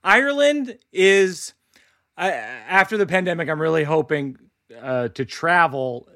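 A podcast host speaking in easy, casual chat. His voice sits high for a man, and it sounds dry and close to the mic. He breaks into laughter partway through his jokes. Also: animated, unhurried, pushed and bright, no echo. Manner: keeps breaking into laughter mid-joke. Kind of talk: casual chat with a joke told aloud.

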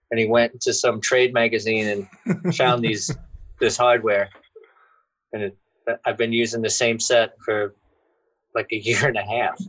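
A man's voice: medium pitch, a bit bright, rough recording. A man guesting on a podcast in casual chat, loose and profane, often laughing as he talks.

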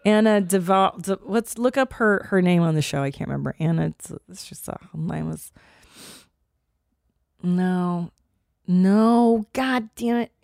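A woman in her forties hosts a podcast in a casual chat, rambling and swearing freely, sighing and restarting, a little stuffy from cold medicine. Her voice is lowish, a little slow and creaky, with a darkish tone. The recording is dry, with clean studio sound.

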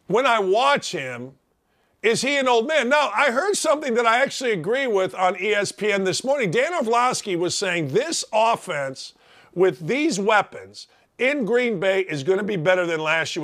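A male sports talk host delivering a monologue in a fairly high voice. His tone swings widely as he mocks and jokes, and he keeps repeating names to hammer his points home. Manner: animated, sarcastic, repeats names for emphasis.

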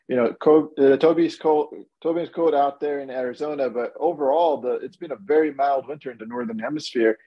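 A man, a guest energy analyst, explaining markets in a brisk, analytical way with frequent restarts, heard over a video call. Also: mid-range voice, slightly rough, muffled recording. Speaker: senior oil and gas analyst, guest. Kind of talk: expert commentary.

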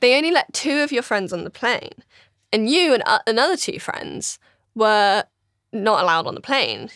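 A woman's voice: on the high side, big pitch swings, moderate pace, a bit bright, dry recording, clean studio sound. A woman, a comedian, retelling a story in a bubbly, giggly way, with playful asides. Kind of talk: casual storytelling.

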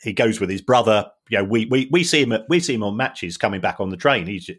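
A middle-aged man talking football money on a podcast in a fairly low voice. He explains in a halting, stop-start way and repeats words as he thinks. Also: animated, fairly bright tone, slightly rough. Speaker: football finance analyst, podcast co-host. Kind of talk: casual podcast chat.

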